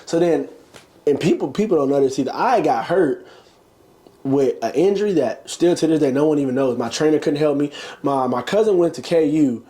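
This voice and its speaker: Young man, animated storyteller, slightly high pitch, acts out dialogue. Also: fairly quick. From United States. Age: young adult. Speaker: interview guest, former college basketball player. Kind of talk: casual storytelling chat.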